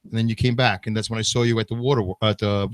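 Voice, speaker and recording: A man's voice: fairly low pitch, flat delivery, fast, clear, resonant tone, no room sound. A man co-hosting a comedy talk show, rambling through stories and laughing often in casual chat.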